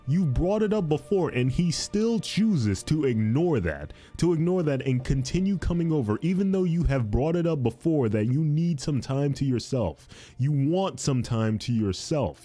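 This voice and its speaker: Animated young man with mellow tone. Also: on the high side. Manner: repetitive, animated, says "dude" and "fiendish". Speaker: podcast host reading advice posts. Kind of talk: casual commentary.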